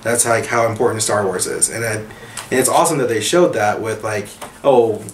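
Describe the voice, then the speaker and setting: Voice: mid-range voice, moderate pace. A co-host in a casual TV recap chat, talking like an enthusiastic fan with lots of fillers. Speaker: podcast co-host. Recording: echoey room, far from mic, faint hiss.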